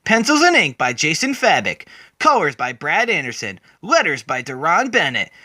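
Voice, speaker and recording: A man's voice: on the high side, huge pitch swings, normal speed, sharp tone. A man retelling a comic book story as a dramatic reading, quoting the characters along the way.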